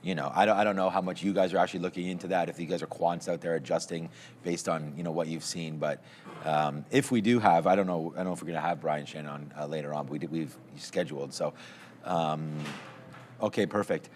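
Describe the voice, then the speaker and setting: A man's voice: low-pitched, steady tone, fast, darkish tone, slight background noise. A man co-hosting a live stock market show, talking in a rambling, conversational way and chuckling at himself now and then. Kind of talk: casual market chat.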